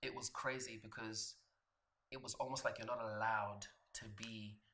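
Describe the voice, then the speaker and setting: A man from Africa reflects on his childhood in an interview. His voice is fairly low with a bright tone, and he often says "you know". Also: steady tone, moderate pace, a little hiss or hum. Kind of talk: interview recollection.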